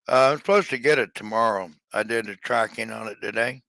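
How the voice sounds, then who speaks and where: A man's voice: medium pitch, brisk, creaky, sharp tone, dry recording. A man chatting casually to his livestream audience, rambling with many fillers and restarts. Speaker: livestream seller.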